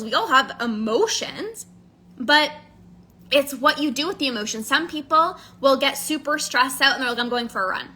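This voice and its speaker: Woman coach, high bright voice, earnest and emphatic, repeats herself for stress. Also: slightly rough. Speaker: emotional eating coach. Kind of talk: casual candid monologue.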